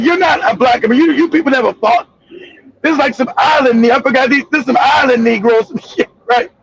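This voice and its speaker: A male live stream host giving heated, profane political commentary, ranting and often shouting. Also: extremely high pitch, vocal fry, breathy edge, muffled recording.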